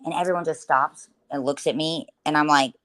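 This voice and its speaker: Woman co-host with a somewhat low voice, candid and bawdy, full of jokes. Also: fairly even intonation, fairly quick, fairly bright tone. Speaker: podcast co-host. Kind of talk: casual chat.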